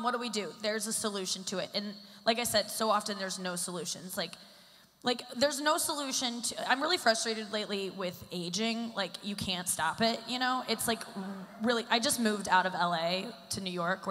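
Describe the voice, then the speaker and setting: A woman's voice: mid-range voice, sharp tone. A woman in her thirties doing a self-deprecating stand-up routine on a large stage, talking in a chatty way with lots of fillers. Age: 30s. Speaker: stand-up comedian. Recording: live hall with long reverb.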